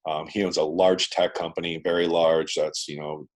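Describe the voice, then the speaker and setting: A low-pitched man speaks over a video call, telling his own story with casual bluntness. He swears freely and keeps tossing in "man" and "dude" as he talks. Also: little pitch movement, normal speed. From Canada. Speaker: guest entrepreneur.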